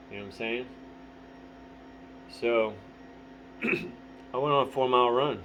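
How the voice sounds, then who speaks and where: A man talking candidly to the camera in a profane, motivational monologue. He is blunt, swears constantly and often clears his throat. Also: mid-range voice, fairly even intonation, measured pace, long pauses, fairly bright tone. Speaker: vlogger. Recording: dull lo-fi audio with faint hum.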